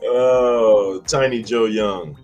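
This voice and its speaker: A man hosting a casual livestream chat, rambling and halting, with many fillers and restarts. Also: fairly low pitch, steady tone, darkish tone, highs cut off, soft background music. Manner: chuckles often between lines. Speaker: livestream host.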